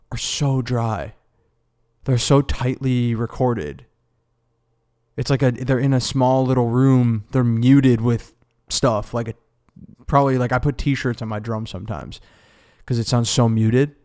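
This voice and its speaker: A man's voice: mid-range voice, a little mellow, no echo, studio quality. A man hosting a casual music reaction, chatting with enthusiasm and musing aloud between songs. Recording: music playing behind.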